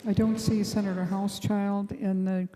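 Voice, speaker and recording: A woman's voice: medium pitch, level tone, normal speed, mellow, long reverb tail. A woman presiding over a legislative session, formally repeating each vote back. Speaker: presiding officer. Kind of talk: chairing a roll call vote. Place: legislative chamber.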